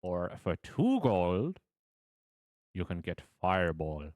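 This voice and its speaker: A man voicing a cheerful male weapon vendor in an exaggerated mock-Irish lilt, loud and bouncy. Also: low voice, big pitch swings, moderate pace, dry recording, clean studio sound. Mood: salesy. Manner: over-the-top stage-Irish phrasing, loud and bouncy.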